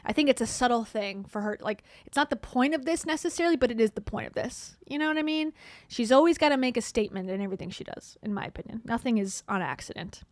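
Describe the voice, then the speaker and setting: A woman's voice: a little high, animated, fast, no echo. A woman hosting a casual commentary, talking wryly and sarcastically about video clips. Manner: sarcastic, wry asides. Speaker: commentary host.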